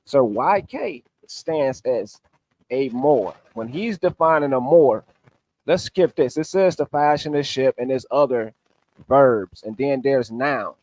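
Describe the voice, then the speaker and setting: A man's voice: medium pitch, slow pace, dry recording. Man, mid-range voice, emphatic and combative livestream recap, dry close mic. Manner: animated, emphatic, argumentative, talks through on-screen sources. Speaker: online debater recapping a debate.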